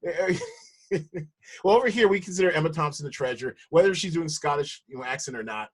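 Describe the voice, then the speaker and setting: American guy hosting a podcast, kinda high voice, rambles and restarts a lot. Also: lively intonation, fast talker, husky. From United States. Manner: rambling, self-correcting, laughs easily. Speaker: podcast host. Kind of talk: casual podcast chat.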